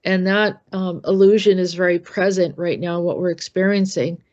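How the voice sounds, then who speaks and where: A woman's voice: fairly low pitch, fairly even intonation, normal speed, darkish tone. Woman host, dull lo-fi sound. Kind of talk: casual discussion.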